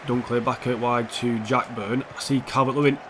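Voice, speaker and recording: A man's voice: medium pitch, steady tone, moderate pace, noisy background. A young man giving casual, sweary, sarcastic commentary over a football video game, talking back at the players on screen. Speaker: gaming YouTuber.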